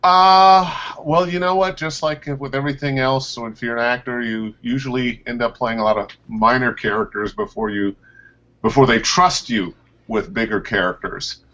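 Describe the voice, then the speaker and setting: A man, a voice actor, telling stories from his career in a casual interview over a video call, his pitch leaping up and down as he talks. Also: normal speed, muffled recording. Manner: animated storyteller, pitch leaps up and down. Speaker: voice actor guest.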